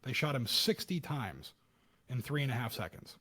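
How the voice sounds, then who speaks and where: Animated man ranting in casual podcast chat. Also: moderate pace. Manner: animated, acts out quoted voices with rising pitch and loudness. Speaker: podcast co-host. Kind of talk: casual political commentary chat.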